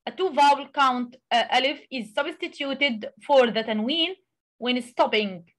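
A woman who speaks Arabic natively, teaching a tajweed lesson in English, explaining with many pauses and reciting examples. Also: high-pitched. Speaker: Quran recitation tutor.

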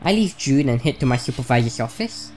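A woman's voice: rumbling low, lively intonation, fairly quick, a little mellow, a little hiss or hum. A woman hosting a let's play, reading a visual novel's narration aloud in a chatty, lightly wry way.

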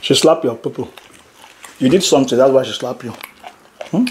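A man's voice: medium pitch, normal speed, darkish tone, a little hiss or hum. A man hosting a casual family eating video at home, teasing his daughter and laughing often while he eats. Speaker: father and channel host. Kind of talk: casual family mukbang chat.

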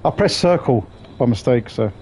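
A gaming streamer with a mid-range, slightly mellow voice provides live commentary while playing a bus simulator, animated and at normal speed. He swears and trades jokey banter with his chat, with slight background noise.

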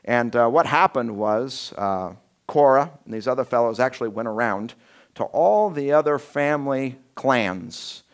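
Man, pastor, conversational sermon, middle pitch, casual storytelling, acted-out quotes. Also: expressive, a little slow. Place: church sanctuary.

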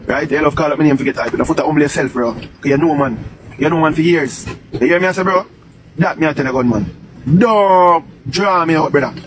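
A Jamaican man rants on a live stream, firing off repeated taunts and demands at a rapid clip. His voice sits a little high for a man. Loud traffic noise and passing vehicles run underneath him.

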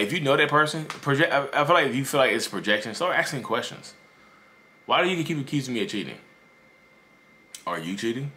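A man giving casual relationship advice straight to viewers, animated and joking. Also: lowish voice, slight background noise.

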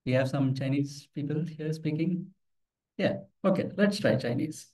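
A man with a fairly high yet dark-toned voice presents a live tech demo at a meetup, speaking at normal speed. Casual in manner, he tells anecdotes and asks the audience questions. The recording catches him from far off the mic in an office meeting room.

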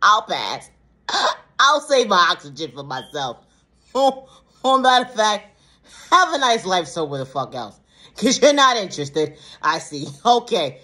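Woman going off on a vlog rant, laughs a lot, cusses, voice bouncing all over, bright tone. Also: unhurried. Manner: laughs often between phrases, heavy swearing, repeats rhetorical questions; calm lower-voiced affirmations in the closing sign-off. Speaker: vlogger. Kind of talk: casual monologue rant to the camera.

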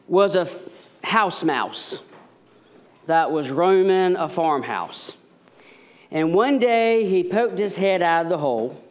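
A man, an associate pastor, preaching a sermon and telling a story with jokes. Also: high-pitched. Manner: storytelling, animated, self-deprecating jokes.

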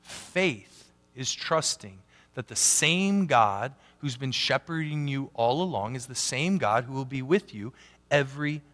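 A man preaching a sermon as a pastor, animated, swinging from loud emphatic peaks down to quiet asides. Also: mid-range voice. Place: church sanctuary. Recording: long church hall reverb.

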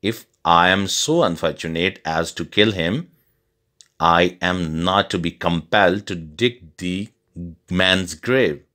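A man's voice: sits low, slow pace, sharp tone, heavily acted. A man voicing a boastful male fake doctor in a storybook tale, speaking with confident, matter-of-fact assurance.

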